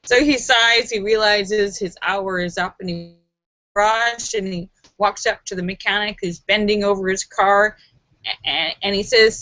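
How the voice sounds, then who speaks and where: Bright, slow-talking woman joke host. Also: mid-range voice, dry recording. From Los Angeles based. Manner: playful, animated joke-telling with silly voices. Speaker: livestream host. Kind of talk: casual joke-telling livestream.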